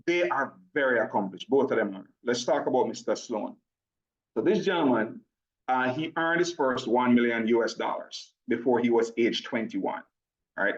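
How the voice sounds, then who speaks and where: Excited man with Jamaican-American accent. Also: mid-range voice. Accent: mixed Jamaican and American. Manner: excited and fast, breaks into laughter, addresses audience directly. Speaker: presenter at a business launch event. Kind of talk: energetic promotional pitch. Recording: dull lo-fi audio.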